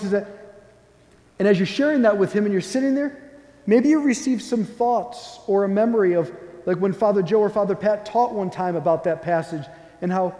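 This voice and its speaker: A man giving a gentle, conversational talk on prayer, often acting out the prayers he describes. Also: sits high, brisk. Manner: gentle, playful, acts out quoted prayers. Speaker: Catholic speaker on prayer. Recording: echoey hall with long reverb.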